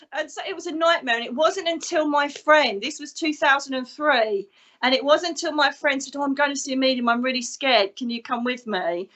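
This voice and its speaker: A woman's voice: sits high, a little fast, muffled recording. An English woman in her fifties, a psychic medium guest in an interview, telling stories with energy and acting out the voices of the people in them. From England. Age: 50s. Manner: animated, acts out other voices in her stories. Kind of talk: storytelling interview talk.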